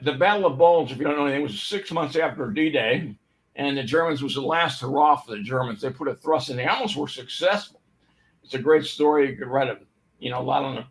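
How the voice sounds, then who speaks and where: An older man speaks in a voice a little higher than most men. He tells his stories loosely, circling back with restarts and fillers. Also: poor audio. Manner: storytelling, rambling with fillers and restarts. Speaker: speaker giving a history talk. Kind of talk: informal history talk.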